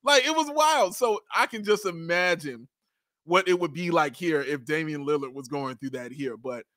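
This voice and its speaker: A man co-hosting a casual sports podcast, excitable, laughing often and repeating himself as he talks. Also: on the high side, normal speed, no echo, studio quality. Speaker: podcast co-host.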